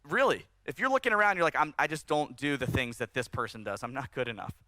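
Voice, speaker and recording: A man preaching a sermon at a church service, conversational and animated, rising in emphasis as he speaks to the congregation. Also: mid-range voice, quick pace, dry recording. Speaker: pastor.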